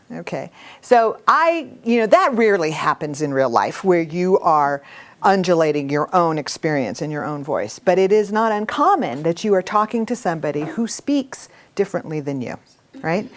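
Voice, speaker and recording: A middle-aged woman runs an interactive workshop. Her voice sits a little low, and she speaks expressively, with easy laughter between points. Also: normal speed. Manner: expressive, animated, talks with laughs. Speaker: workshop trainer.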